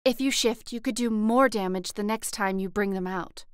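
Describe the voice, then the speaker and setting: A woman narrator voicing a stern woman professor who gives clipped orders in a loud, raised voice. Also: medium pitch, moderate pace, smooth, no room sound, studio quality, natural voice. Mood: brisk. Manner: commanding, clipped.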